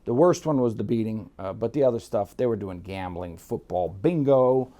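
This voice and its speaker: A man's voice: on the low side, lively intonation, normal speed, dark tone. A man from Miami who tells casual stories as a guest, bluntly and with swearing, acting out the voices of others. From Miami, United States. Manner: blunt, swears freely, acts out quotes. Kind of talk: casual storytelling.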